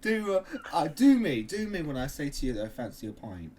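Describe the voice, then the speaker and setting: A man's voice: fairly high pitch, big pitch swings, a little fast, darkish tone, slight background noise. A man co-hosting a casual podcast, boisterous, swearing and laughing often. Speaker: podcast co-host.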